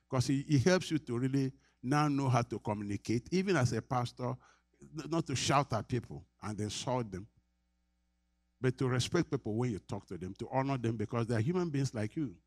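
Gravelly Nigerian pastor preaching. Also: male voice, medium pitch, lively intonation, brisk, darkish tone, dry recording, clean studio sound. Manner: earnest, repeats phrases, laughs often. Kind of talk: sermon.

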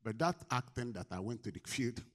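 Animated and brisk, this middle-aged preacher runs call-and-response with the congregation, his sermon swinging from soft, low asides up to loud exhortations.

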